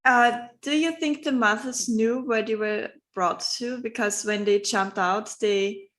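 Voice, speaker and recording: Slow-talking woman asking questions. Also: on the high side, fairly bright tone. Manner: inquisitive, poses questions. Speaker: podcast co-host. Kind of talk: casual podcast discussion.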